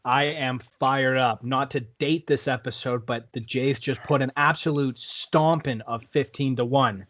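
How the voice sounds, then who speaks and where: A man co-hosting a sports podcast, relaxed and a bit hesitant. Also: medium pitch, unhurried. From Canada. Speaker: podcast co-host. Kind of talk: casual sports podcast chat.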